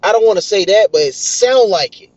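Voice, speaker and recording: A young man, excitedly telling a story in casual vlog style. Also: high-pitched, brisk, no room sound. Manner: excitable, animated retelling. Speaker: vlogger. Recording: dull, lo-fi dry recording.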